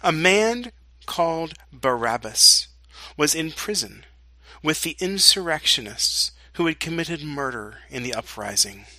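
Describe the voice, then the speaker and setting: A pastor reading a scripture passage aloud in a slow, deliberate way. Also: male voice, on the high side, big pitch swings, sharp tone, dry recording. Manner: slow and deliberate reading, with dramatic quoted lines.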